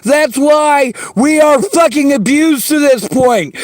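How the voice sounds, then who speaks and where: High-pitched man in a furious rant. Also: takes it slowly, hardly any pauses, no room sound. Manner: furious, swearing, often shouting. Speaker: vlogger. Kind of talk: angry profane rant.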